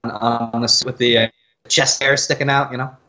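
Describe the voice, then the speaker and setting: A man's voice: medium pitch, level tone, moderate pace, bright, forceful tone. An American man in a casual music chat, easygoing and repeating words as he starts his thoughts. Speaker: co-host.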